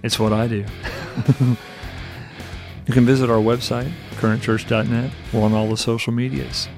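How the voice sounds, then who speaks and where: Gravelly man reading a church promo. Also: fairly low pitch. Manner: friendly, jokey radio-style delivery. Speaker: pastor. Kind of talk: promo announcement. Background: guitar music.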